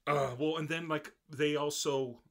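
A man's voice: a little high, fairly even intonation, a little slow, a bit bright. A man co-hosting a casual chat, rambling through a recap with frequent restarts and easy laughter. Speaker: podcast co-host.

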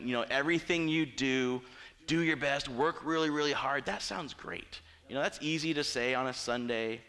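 A middle-aged male pastor giving a conversational sermon, animated and acting out the people in his stories. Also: medium pitch.

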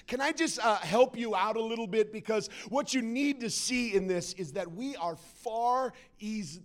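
Man, pastor, sermon, very high voice, animated, loud acted quotes, low quiet asides.

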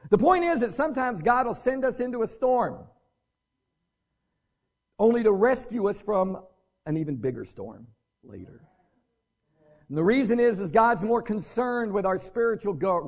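Husky high-voiced male preacher. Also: highs cut off. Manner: animated preaching with conversational asides. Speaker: pastor. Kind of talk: sermon.

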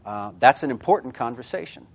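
A man's voice: medium pitch, lively intonation, fairly quick, vocal fry. A man lecturing a class of teachers, thinking aloud with many fillers and restarts and landing key terms with punchy stress. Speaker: seminar lecturer.

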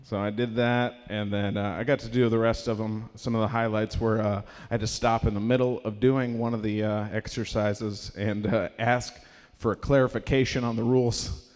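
A man's voice: on the low side, flat delivery, normal speed, few pauses, a little mellow, in a large hall. A man doing a live stand-up set, telling a rambling story full of fillers and laughing at his own jokes. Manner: rambling storyteller, filler-heavy, cracks himself up. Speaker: stand-up comedian. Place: live comedy showcase venue.

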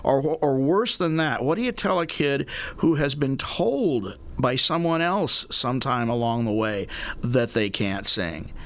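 A man hosting a radio interview, asking measured, curious questions. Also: mid-range voice, animated, a bit bright. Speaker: radio host.

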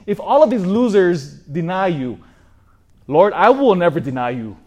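A man preaching, acting out an impulsive, boastful fisherman disciple who protests loudly. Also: high-pitched, sing-song, moderate pace, muffled recording.

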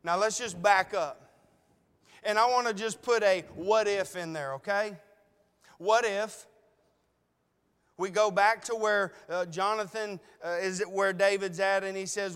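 A preacher with a high, smooth voice, talking through his sermon in a conversational way and asking his listeners rhetorical questions. His voice rings with the long reverb of a large sanctuary. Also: steady tone, unhurried, a bit bright.

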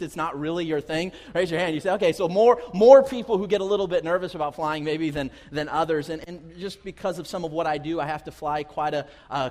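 A man preaching a sermon as pastor, telling personal stories to his congregation in a lively, direct way, often repeating words as he goes. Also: a little high. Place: church sanctuary. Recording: long hall reverb.

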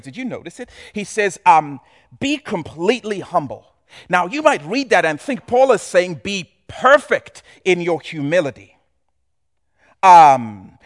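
A man preaching a sermon in a conversational way, repeating key phrases for emphasis. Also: on the high side. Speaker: pastor.

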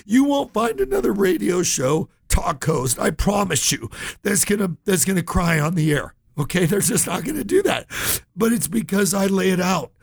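A man's voice: high-pitched, big pitch swings, normal speed, gravelly, slightly rough, no echo. A man hosting a radio talk show, earnest and impassioned, often restarting his sentences and at times choked up near tears. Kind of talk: emotional radio talk, addressing listeners.

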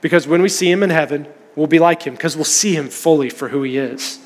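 A man with a high voice preaches to a congregation, moving easily between teaching and personal stories. His words ring with the long reverb of a church hall. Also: fairly quick, slight background noise. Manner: storytelling, conversational preaching. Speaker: pastor. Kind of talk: sermon.

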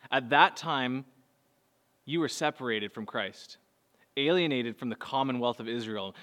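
A man, preaching a sermon earnestly, moving between soft low passages and raised, urgent bursts. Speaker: pastor. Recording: long hall reverb.

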